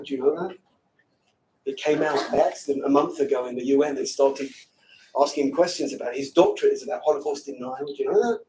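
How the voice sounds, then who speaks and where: A man giving an emotional Torah lecture to a women's seminary class, swinging from hushed and choked to shouting. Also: on the high side, a little hiss or hum. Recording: distant from the mic.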